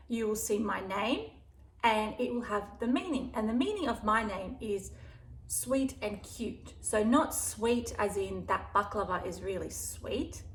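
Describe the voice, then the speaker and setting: An Australian woman talks casually to camera, wandering from point to point. Her voice sits a little high. The room is echoey, with a faint hiss behind her. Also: fairly bright tone. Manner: rambling, chatty, breaks off to talk to her dog. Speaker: dog vlogger. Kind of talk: casual vlog chat.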